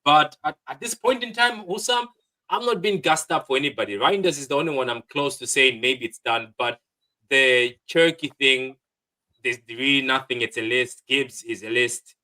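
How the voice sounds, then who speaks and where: A man talks through transfer rumours as a guest on a football stream, rambling with many fillers and restarts. His voice is bright and forward. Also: medium pitch, normal speed, poor audio. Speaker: guest fan channel host. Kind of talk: casual football chat.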